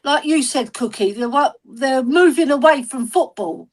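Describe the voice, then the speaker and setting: A woman's voice: high-pitched, normal speed. A woman chatting on a livestream, telling a story and often asking "right?" as she goes. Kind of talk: casual livestream chat.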